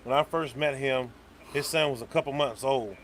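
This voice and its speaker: A man's voice: medium pitch, normal speed, fairly bright tone, a little hiss or hum. A man chatting casually, rambling through profane anecdotes with restarts and filler. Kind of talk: casual chat.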